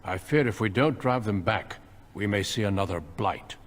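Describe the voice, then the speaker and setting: An actor playing a serious veteran warrior recruiter in a video game, speaking in an earnest, measured, solemn way. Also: male voice, on the low side, natural voice. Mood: grave.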